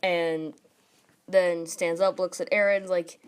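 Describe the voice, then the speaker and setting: A woman's voice: fairly low pitch, steady tone, measured pace, clear, resonant tone. A young woman casually recapping and ranting about a manga chapter, full of "like" and quoted lines. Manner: chatty, says "like" a lot, reads quotes aloud. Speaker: manga reviewer.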